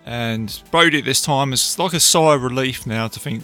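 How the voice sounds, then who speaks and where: A man casually recapping a film, chatty and enthusiastic, tossing in quick impressions of lines. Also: mid-range voice, bright, forceful tone, soft background music. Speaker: film reviewer.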